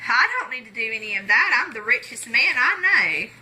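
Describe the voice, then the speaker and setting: A woman voicing a boastful, mocking rich man in a story she tells, speaking louder and higher as she boasts. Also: sing-song, normal speed, noisy background. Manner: loud, higher-pitched boasting.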